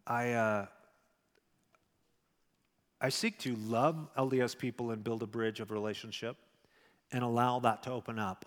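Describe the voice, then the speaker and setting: Man, middle-aged, pastor, casual preaching, middle-pitched, long echo of a big hall. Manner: conversational, candid, acts out dialogues. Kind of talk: sermon Q&A teaching.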